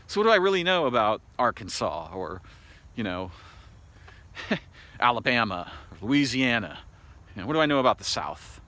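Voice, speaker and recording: An American man speaking an unscripted monologue to camera, thoughtful and halting, with many pauses, fillers and restarts. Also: mid-range voice, big pitch swings, sharp tone. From United States. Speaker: video essayist. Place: home in a city. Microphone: camera mic.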